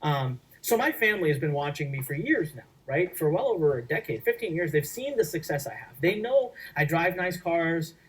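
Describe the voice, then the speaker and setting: A man presenting a workshop, giving an energetic sales pitch in an emphatic, repetitive way. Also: normal speed, few pauses, husky, recorded from a distance, low-quality recording. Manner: emphatic, repetitive, acts out quoted voices.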